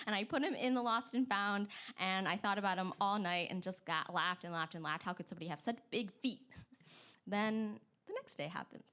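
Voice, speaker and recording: A woman's voice: mid-range voice, fairly quick, a bit bright, clean tone. A woman telling a personal story on stage at a story slam, chatty and self-deprecating, laughing often between lines. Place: stage at a live story event.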